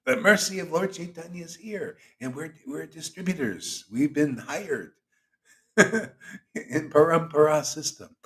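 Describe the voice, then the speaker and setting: A man's voice: a little high, expressive, a little slow, a bit bright. A man as spiritual teacher, giving a casual, teasing devotional sermon to an online group.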